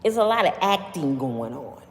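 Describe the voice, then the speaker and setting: A woman's voice: sits low, big pitch swings, normal speed, big-room sound, a little hiss or hum. A woman giving opinionated commentary on celebrity news, emphatic and preachy, with constant rhetorical questions to her viewers. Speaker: commentary vlogger.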